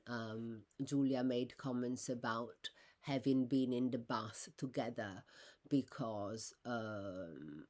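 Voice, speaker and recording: Woman, deep-pitched, unscripted monologue; halting, self-correcting, flares upward when indignant. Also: a little mellow. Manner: rambling, with many fillers and restarts.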